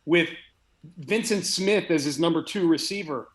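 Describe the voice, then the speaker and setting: Emphatic man arguing football. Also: on the high side. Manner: fast, emphatic, restarts often. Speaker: guest sports radio host. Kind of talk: casual sports debate.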